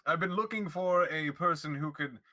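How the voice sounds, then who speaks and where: Man as a well-mannered adventurer in a tabletop game, formal, courteous, crisp bright voice. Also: fairly high pitch, normal speed, pitched above the performer's own voice. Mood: earnest.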